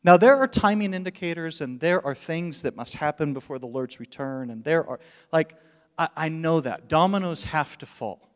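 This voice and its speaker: A man preaching a sermon as pastor, with passionate bursts of loud emphasis and dips into hushed, quiet lines. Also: fairly high pitch, normal speed. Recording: long hall reverb.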